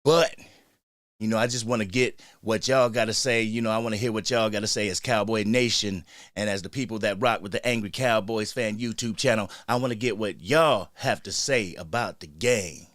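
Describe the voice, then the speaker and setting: A man hosting a live-stream game reaction, excitable and hyped, bantering quickly with his chat. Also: fairly low pitch, dry recording, studio quality. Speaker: fan channel host.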